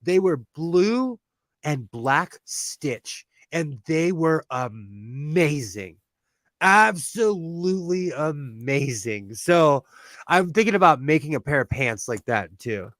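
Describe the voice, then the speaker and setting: A man's voice: fairly high pitch, very animated, slow pace, a bit bright, dry recording. A man from California with a Californian accent and a youthful-sounding voice, chatting casually on his sewing livestream, laughing often and restarting his sentences.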